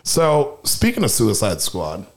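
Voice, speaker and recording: A man's voice: on the low side, huge pitch swings, a little slow, vocal fry. A man co-hosting a casual podcast, swearing freely and acting out quotes in a raised voice. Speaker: podcast co-host. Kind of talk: casual profane chat.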